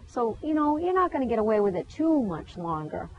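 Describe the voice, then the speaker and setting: A woman's voice: fairly high pitch, big pitch swings, brisk. A woman, hosting a gardening show and chatting casually with a guest outdoors. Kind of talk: casual chat. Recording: dull lo-fi sound with faint background noise.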